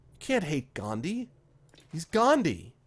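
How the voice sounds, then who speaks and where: A man's voice: fairly high pitch, huge pitch swings, slow, slightly rough. A man streaming a game, chatting casually with viewers by name in a rambling way while he plays. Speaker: streamer reading chat while playing. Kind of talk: casual live-stream chat.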